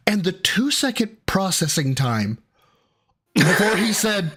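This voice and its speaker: A man's voice: sits high, sing-song, a little slow, a bit bright, breathy edge. A man hosting a casual online talk show, joking and acting out phone calls with lots of laughter. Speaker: podcast host. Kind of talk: casual chat.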